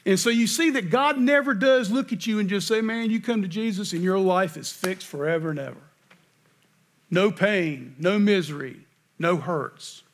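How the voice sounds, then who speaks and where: A man's voice: high voice, normal speed. A man preaching a sermon, reading scripture aloud and asking earnest rhetorical questions. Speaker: pastor.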